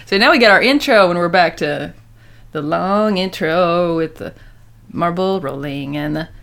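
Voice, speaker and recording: A woman's voice: on the low side, a little slow, vocal fry, a bit bright. A woman casually recapping a TV episode, acting out the characters' lines as she goes. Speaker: podcast host recapping a TV episode. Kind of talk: casual chat.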